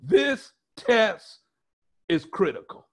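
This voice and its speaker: A man's voice: sits high, sing-song, drawn-out words. A male pastor preaching a sermon, emphatic and repetitive, prompting the congregation with questions.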